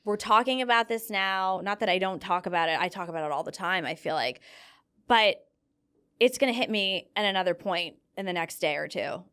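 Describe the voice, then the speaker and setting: A woman's voice: medium pitch, brisk, clear, resonant tone. A young woman talking earnestly about grief in a casual conversation, telling stories with feeling. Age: young adult. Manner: earnest, animated storytelling with fillers. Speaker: guest.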